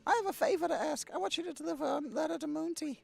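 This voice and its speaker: A man doing a falsetto Southern belle. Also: fast, vocal fry, faint music behind, exaggerated voice. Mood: theatrical. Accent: American Southern.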